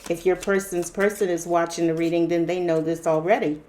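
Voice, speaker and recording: A woman's voice: lowish voice, level tone, a little fast, a little mellow. A woman giving a casual tarot reading to viewers, talking directly to them and often exclaiming "wow" and "interesting". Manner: addresses viewers directly with fillers. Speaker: tarot reader.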